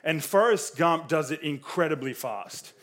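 A man's voice: fairly high pitch, animated, a little slow, fairly bright tone. Casual, chatty young male preacher. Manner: casual, conversational, many fillers; acts out quotes with raised voice. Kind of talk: sermon.

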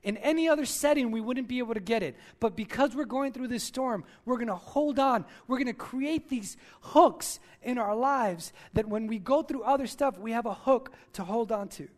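A man's voice: very high-pitched, normal speed, hardly any pauses. A male pastor preaching a sermon, talking straight to his listeners and repeating key lines for emphasis.

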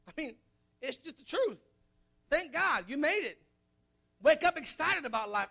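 A man preaching a sermon, mixing joking asides with loud exhortation. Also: extremely high pitch, sing-song, normal speed, vocal fry, pauses often.

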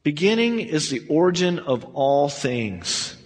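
A man's voice: fairly high pitch, big pitch swings, measured pace. A man teaching a verse-by-verse Bible study in a conversational, emphatic way, often restarting his sentences. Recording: long hall reverb.

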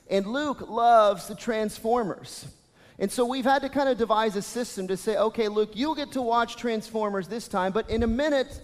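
High-voiced guy preaching, chatty and earnest, lots of hall reverb. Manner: conversational, storytelling, earnest. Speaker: pastor. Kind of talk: sermon with personal stories. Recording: long reverb of a large hall.

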